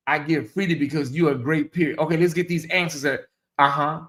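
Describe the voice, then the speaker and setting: A man hosting a casual livestream, reading viewer comments aloud and stretching out questions slowly for effect. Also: a little high, fairly even intonation, a bit bright. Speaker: livestream host.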